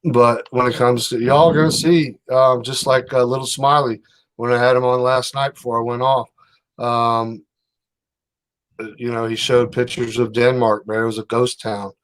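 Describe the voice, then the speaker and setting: A man's voice: medium pitch, level tone, normal speed. Man, mid-range voice, casual livestream chat, hesitant, rambling, lots of fillers. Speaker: livestream host.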